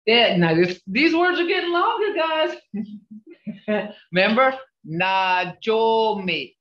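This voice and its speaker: A woman's voice: sits high, very animated, unhurried, distant mic. An older woman teaching a language class over a video call, coaching patiently and checking in with a frequent "okay?". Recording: muffled, echoey video call audio.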